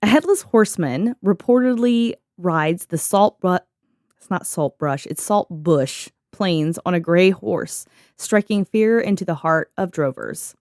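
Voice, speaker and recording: A woman's voice: lowish voice, animated, measured pace, a little mellow, dry recording, studio quality. A young woman co-hosting a podcast in a casual, joking way, reading from notes and laughing often. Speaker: podcast co-host.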